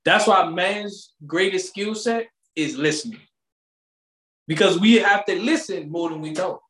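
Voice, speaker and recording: A man co-hosting a podcast, chatting casually with slangy, animated storytelling. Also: sits high, measured pace, reverberant. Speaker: podcast co-host. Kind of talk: casual chat.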